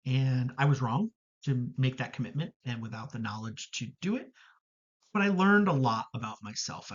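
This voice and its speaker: A man's voice: mid-range voice, highs cut off. A man telling a candid personal story about his camp work, reflective, with many fillers and self-corrections, over a video call.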